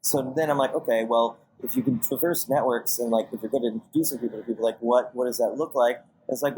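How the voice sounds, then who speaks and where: A man's voice: mid-range voice, fairly even intonation, quick pace, hardly any pauses, warm tone, poor audio. A man with a mid-range voice chats loosely as a podcast guest. He rambles and restarts, stacks up fillers, and acts out his own reactions with some animation. Faint noise sits under the recording. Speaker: podcast guest, casting director and manager. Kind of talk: casual conversational interview.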